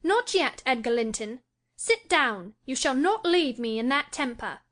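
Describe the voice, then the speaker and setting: A woman reader voicing a passionate, wayward young woman in an audiobook, speaking in a shrill, high-strung way. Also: big pitch swings, a little slow, a bit bright, exaggerated voice. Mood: insistent. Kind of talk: audiobook character voice.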